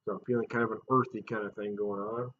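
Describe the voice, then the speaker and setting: A man hosting a casual beer review vlog, chatty and jokey, laughing often and swinging up loud and high. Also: level tone, quick pace, highs cut off, a little hiss or hum.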